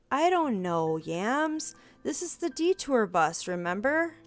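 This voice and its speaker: A bubbly woman reads a story game aloud, high-pitched and very lively. She takes her time with the lines, and soft game music runs underneath. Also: measured pace, few pauses. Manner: bubbly, giggly, animated. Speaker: game streamer. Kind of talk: reading a visual novel aloud.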